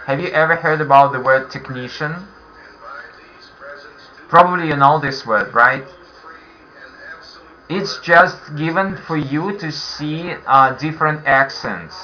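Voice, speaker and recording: A man's voice: fairly high pitch, measured pace, pauses often, sharp tone. A man with a Russian accent teaching a beginner English class online, patiently repeating questions for his learners. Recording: dull lo-fi online call audio.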